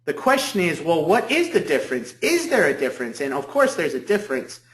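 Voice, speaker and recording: A man's voice: on the high side, big pitch swings, a little fast, fairly bright tone. A man giving a university lecture as professor, repeating key points and checking in with "okay?" often. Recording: echoey room.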